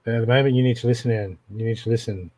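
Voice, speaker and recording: A man's voice: mid-range voice, steady tone, racing, darkish tone, dry recording. Australian man giving intuitive readings. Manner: direct, keeps checking in with "okay?". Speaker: intuitive reader. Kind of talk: live-stream reading.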